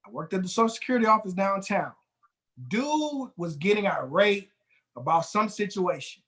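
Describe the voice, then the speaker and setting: A man co-hosting a casual podcast, telling work stories in a loose, profane, animated way with frequent restarts. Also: high-pitched, moderate pace. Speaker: podcast co-host. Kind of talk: casual chat, storytelling.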